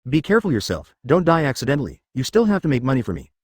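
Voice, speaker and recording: A blunt sixteen-year-old schoolboy with superpowers, from a storybook, voiced by a man. He speaks offhand with lively pitch movement. The recording is dry and close. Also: racing, husky, no room sound.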